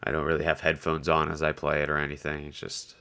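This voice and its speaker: A man's voice: very deep voice, completely flat delivery, fast talker, pushed and bright. A man co-hosting a casual gaming podcast, a little stuffy from allergies, who laughs often and pokes fun at himself. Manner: laughs often, self-deprecating. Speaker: podcast co-host. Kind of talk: casual chat. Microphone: video call.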